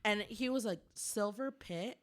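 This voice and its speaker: A woman co-hosting a podcast, telling stories in relaxed, chatty conversation and laughing easily. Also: medium pitch. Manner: chatty storytelling, quick to laugh. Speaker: podcast co-host. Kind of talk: casual chat.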